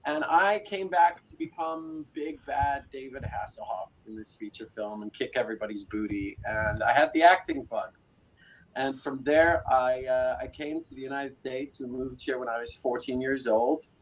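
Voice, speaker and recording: A man's voice: medium pitch, normal speed. Rambling man from South Africa, muffled. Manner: rambling, with many fillers and restarts. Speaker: guest. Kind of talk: storytelling interview talk. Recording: slightly muffled audio.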